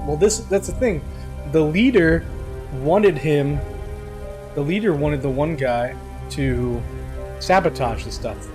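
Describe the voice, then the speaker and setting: A man's voice: fairly high pitch, takes it slowly, long pauses. A man live-streaming a game, chatting playfully with his viewers and teasing them as he plays. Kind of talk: live-streamed gameplay chat. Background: game music and rain.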